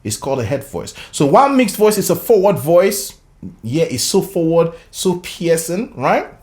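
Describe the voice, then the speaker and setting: A vocal coach giving an animated singing lesson, explaining with frequent "okay?" check-ins and chuckles, breaking into short sung demonstrations. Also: medium pitch, normal speed.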